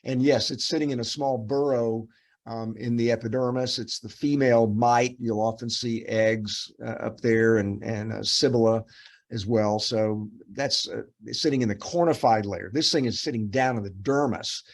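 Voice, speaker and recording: This middle-aged dermatopathologist speaks in a steady, medium-pitched tone at normal speed while teaching a resident through case reviews. His delivery is loose and rambling, with frequent fillers and restarts.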